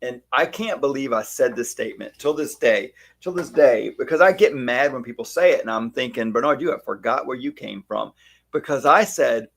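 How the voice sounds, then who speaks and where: Animated storytelling man, mid-pitched. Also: moderate pace, vocal fry. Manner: animated storyteller, acts out quoted dialogue. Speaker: hairstylist co-host. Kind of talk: casual chat.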